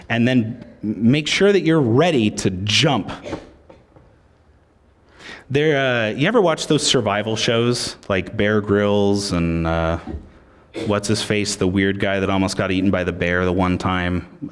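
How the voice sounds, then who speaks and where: A man's voice: fairly low pitch, slow pace, clean tone. A man preaching a sermon as pastor, conversational and joking.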